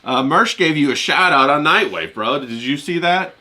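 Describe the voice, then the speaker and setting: Bright-voiced laid-back American streamer. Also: male voice, a little high, lively intonation, moderate pace. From Kentucky. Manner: laid-back, slangy, shouts out chat viewers. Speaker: streamer host. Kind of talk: casual stream chat.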